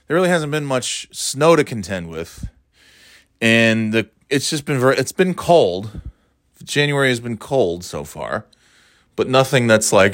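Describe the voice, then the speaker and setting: Man, podcast host, northeastern US, sarcastic, profane, rambling, mid-pitched, dry sound. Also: sing-song, unhurried, a bit bright, no room sound. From northeastern United States. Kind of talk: casual solo podcast monologue.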